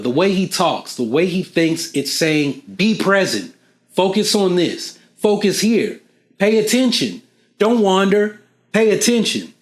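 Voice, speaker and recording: A man hosting a casual explainer video, talking straight to the viewer in an animated way and acting out small dialogues. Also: fairly high pitch. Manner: animated, acts out little back-and-forth dialogues; asks the viewer questions. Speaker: video host.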